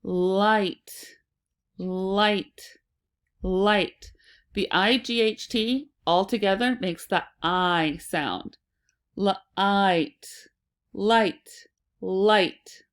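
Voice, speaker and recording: A woman with a smooth, medium-pitched voice teaches children a phonics lesson. She sounds out and repeats words slowly and deliberately.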